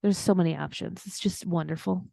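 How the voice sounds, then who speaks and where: A woman's voice: lowish voice, steady tone, fairly quick, creaky, dark tone, slightly rough, dry recording, studio quality. A woman co-hosting a casual podcast, bubbly and enthusiastic. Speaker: podcast co-host.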